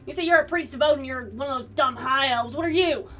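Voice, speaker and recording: A cranky old farmer barks his questions and snaps at everyone, as a woman puts him on in a raised, higher voice. He sounds set apart from the mic, with music playing behind him. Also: fast talker, distant mic. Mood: suspicious. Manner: loud barking gruffness. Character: grumpy old male farmer, shuffling, rude.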